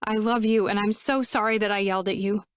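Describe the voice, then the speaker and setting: A woman's voice: medium pitch, fairly even intonation, brisk, clean tone, dry recording, studio quality, lightly acted. A woman voicing an emotional young woman who pleads earnestly with her lover, her voice rising. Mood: pleading.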